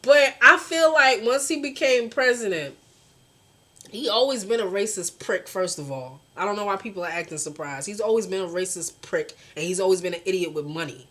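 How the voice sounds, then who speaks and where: A woman's voice: medium pitch, brisk, pushed and bright. A young woman, venting bluntly and passionately in a casual vlog, swearing often and talking straight to her viewers. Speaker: vlogger.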